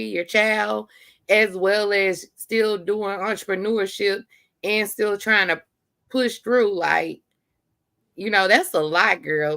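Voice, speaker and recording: Slow, gravelly-voiced woman host. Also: mid-range voice, a bit bright. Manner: earnest, encouraging, with conversational fillers. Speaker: podcast host. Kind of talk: heartfelt casual chat.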